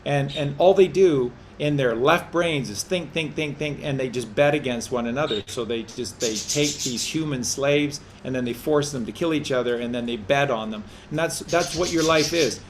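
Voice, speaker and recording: A man's voice: mid-range voice, moderate pace, hardly any pauses, noisy background. Guy rambling on a q and a show, keeps restarting his words. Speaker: co-host. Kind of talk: casual call-in chat.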